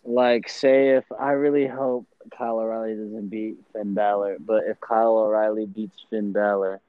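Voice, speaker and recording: A man's voice: lowish voice, little pitch movement, normal speed, dry recording, phone-quality sound. A man talking emphatically in a casual podcast chat, often laughing.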